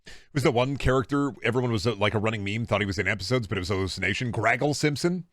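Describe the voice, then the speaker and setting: A young man streaming a video game, chatting casually with a rambling, jokey, profane manner and sudden excited outbursts. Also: lowish voice, very fast, dry recording. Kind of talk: casual gaming stream chat.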